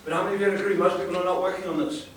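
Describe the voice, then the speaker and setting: A sales trainer speaking emphatically to a live audience, asking rhetorical questions and repeating words for effect. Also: male voice, high-pitched, steady tone, very fast. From South Africa. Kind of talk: live seminar talk. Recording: echoey room, far from the mic, faint hiss.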